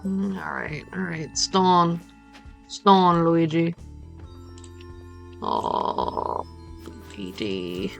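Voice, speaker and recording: A woman's voice: on the low side, steady tone, takes it slowly, creaky, soft background music. A woman streaming a farming game, chatting playfully and muttering to herself as she plays. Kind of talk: casual gameplay commentary.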